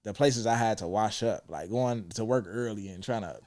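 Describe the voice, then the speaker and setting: A man's voice: lowish voice, normal speed, darkish tone. A young man hosting a podcast, talking candidly and reflectively with frequent swearing. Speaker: podcast host. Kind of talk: casual chat.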